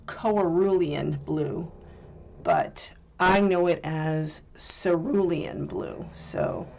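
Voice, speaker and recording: A woman's voice: deep voice, gravelly, darkish tone, a little hiss or hum. A woman hosting an art channel, chatting casually and musing aloud as she swatches and reviews paints.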